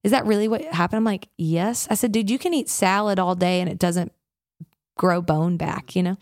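A woman worship leader in a casual interview, telling stories with lively acted-out quotes and many "like"s. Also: lowish voice, moderate pace, dry recording, clean studio sound. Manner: animated storyteller, acts out quotes, frequent "like".

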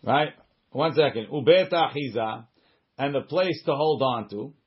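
Slightly husky man teaching Talmud. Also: mid-range voice, animated, normal speed, lo-fi sound. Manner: reads Hebrew and Aramaic then explains in English, with restarts and side remarks. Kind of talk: Talmud study class, reading and translating.

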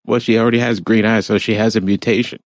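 A man co-hosting a podcast, answering with blunt, deadpan retorts. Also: on the low side, quick pace, no echo, clean studio sound. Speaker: podcast co-host. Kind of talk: crude casual chat.

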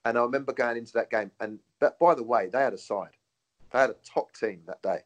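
A former footballer chats casually in a medium-pitched voice at a quick pace. He tells stories, laughs often, and swears freely.

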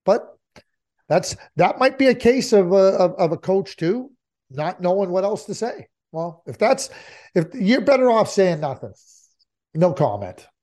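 Emphatic high-voiced hockey analyst man. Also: sing-song, measured pace, mellow. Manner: emphatic, repeats points for effect. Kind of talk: casual sports chat.

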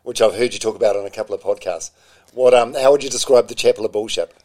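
A man hosting a podcast, asking quick, prodding follow-up questions in a casual chat. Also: on the low side, darkish tone. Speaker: podcast host.

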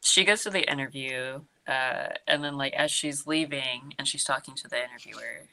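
A woman's voice: extremely low pitch, moderate pace, bright, forceful tone. A young woman co-hosting a podcast, recapping a movie in a casual, giggly way and acting out the characters' lines. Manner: chatty, giggly, acts out quotes. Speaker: podcast co-host.

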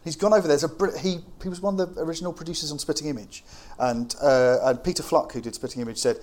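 A British man talks quickly about a film he loves, piling up asides and restarting his sentences as he goes. His pitch sits at an ordinary level for a man. The tone is an easy, enthusiastic podcast conversation. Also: steady tone, a little mellow. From Britain. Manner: enthusiastic, rambling, many restarts. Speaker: podcast co-host. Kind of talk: casual chat about a film.

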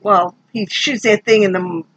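Wisecracking speaker with a husky voice. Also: medium pitch, steady tone, measured pace, a bit bright, no echo, highs cut off. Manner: dry, wisecracking asides. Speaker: podcast co-host recapping a movie. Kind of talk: casual chat.

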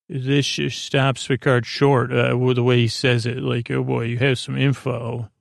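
A man's voice: medium pitch, level tone, unhurried, creaky, few pauses, dry recording, studio quality. A man hosting a podcast, loosely retelling a television episode with offhand jokes. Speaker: podcast host recapping an episode. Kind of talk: casual episode recap.

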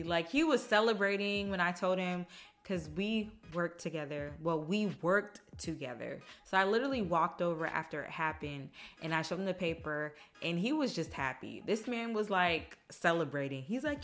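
Low-voiced woman chatting on her podcast. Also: normal speed. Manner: chatty, emotional, quotes others in animated voices. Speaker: podcast host. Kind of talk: casual personal monologue. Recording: faint music behind.

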